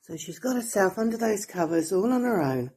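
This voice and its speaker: A middle-aged woman narrating a casual home vlog and cooing at her dog in excited baby talk. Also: mid-range voice, a little fast, husky. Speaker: dog owner filming her pet.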